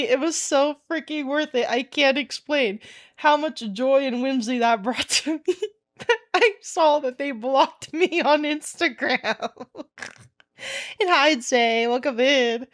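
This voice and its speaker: Bright high-voiced female streamer, lively casual storytelling with frequent laughter. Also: takes it slowly. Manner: animated storytelling, laughs often. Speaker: VTuber streamer. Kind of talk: casual live-stream chat.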